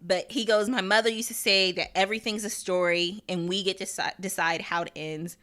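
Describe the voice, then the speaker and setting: A woman hosting a TV recap podcast, talking in a casual, animated and blunt way, swearing and laughing often. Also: mid-range voice, fairly quick. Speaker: podcast host recapping a TV episode.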